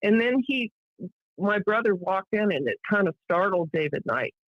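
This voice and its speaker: A woman's voice: medium pitch, lively intonation, moderate pace, no echo. Middle-aged woman, podcast guest, emotional storyteller who acts out what others said; dry, dull lo-fi audio. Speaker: interview guest. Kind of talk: emotional personal account.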